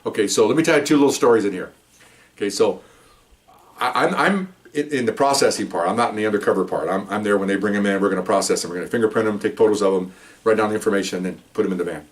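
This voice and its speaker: An older man, a retired police officer, tells stories casually and rambles, frequently restarting and adding asides. His lowish voice comes out rapid-fire in this anecdotal storytelling.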